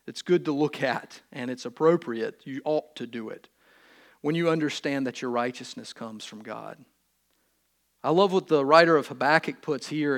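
A male pastor preaching a sermon, emphatic, repeating key words and swinging between loud stresses and quiet asides. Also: fairly high pitch.

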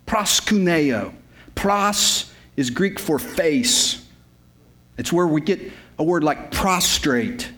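A man's voice: on the high side, animated, slow, sharp tone. A man, preaching a sermon as a pastor. He tells the story in an emphatic, repetitive way with folksy humor. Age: 50s.

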